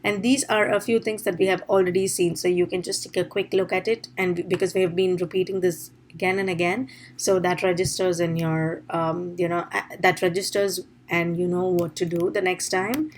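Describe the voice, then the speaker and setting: A woman's voice: fairly low pitch, flat delivery, normal speed, few pauses, slight background noise. A woman teacher giving an online exam-prep lesson, explaining step by step and checking in with "all right?". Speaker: IELTS teacher.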